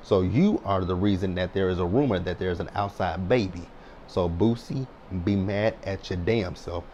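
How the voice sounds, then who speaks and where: Sassy deep-voiced man recapping TV. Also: normal speed, darkish tone, a little hiss or hum. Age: 30s. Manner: sassy, blunt, chatty with frequent "child" and "right?". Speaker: TV recap host. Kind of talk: casual reality-show recap.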